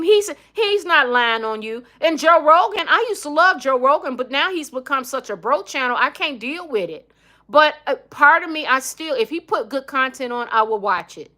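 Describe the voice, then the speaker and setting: A woman's voice: sits high, bright, forceful tone. A middle-aged woman hosting a casual opinion livestream, blunt and emphatic, reading viewer comments. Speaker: livestream host.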